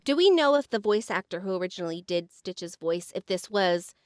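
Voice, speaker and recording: Aussie woman cohost, excited chatter, dry sound. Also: on the low side, no room sound. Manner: enthusiastic, quick remarks. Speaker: podcast co-host. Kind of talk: casual chat.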